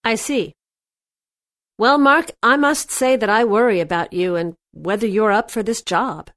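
A woman playing a polite, concerned female office boss in a scripted dialogue for a language lesson, measured and careful with her words. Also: mid-range voice, a bit bright.

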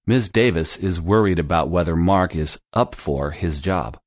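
A man narrating a scripted English lesson, explaining grammar in a clear, deliberate way. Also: low voice, no room sound, studio quality. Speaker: English teacher.

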